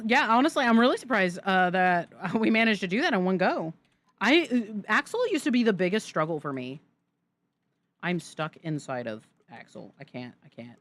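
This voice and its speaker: Young woman streamer, chatty and giggly, lively pitch. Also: normal speed. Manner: chatty, giggly, thanks chat excitedly. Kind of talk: live gameplay commentary.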